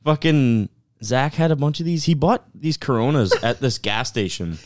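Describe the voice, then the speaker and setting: Lively young man telling stories. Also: mid-range voice, moderate pace. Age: 20s. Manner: animated, laughing, swears a lot. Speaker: podcast co-host. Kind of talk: casual storytelling chat.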